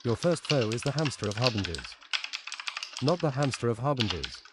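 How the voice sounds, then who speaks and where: A man streaming, reading a story aloud in a steady, deadpan way at his desk mic. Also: mid-range voice, moderate pace, heavy background noise.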